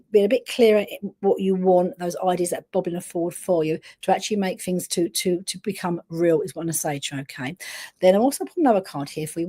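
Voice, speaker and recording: A woman giving a live psychic reading, chatty and warm in her wording, full of restarts and "all right?" check-ins. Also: fairly low pitch. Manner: chatty, repeats "all right?" and "I wanna say to you"; frequent restarts and stammered repeats. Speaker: psychic medium.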